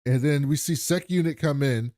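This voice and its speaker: A man's voice: medium pitch, normal speed, mellow, no room sound. A male podcast co-host with an ordinary mid-range voice who rattles through a plot summary and drops in laughing asides. The sound is close and dry. He keeps an easygoing recap tone throughout. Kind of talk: casual TV episode recap.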